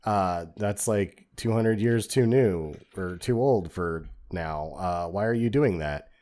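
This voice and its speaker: A man's voice: low voice, slow, a little mellow. A man co-hosting a comedy film podcast, making dry, sarcastic remarks. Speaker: podcast co-host. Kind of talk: casual comedic film review.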